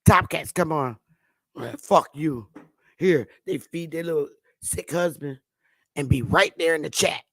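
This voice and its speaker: A woman's voice: sits low, normal speed, fairly bright tone, no echo, clean studio sound. A woman vlogger delivering a profane, taunting ranting monologue and laughing often.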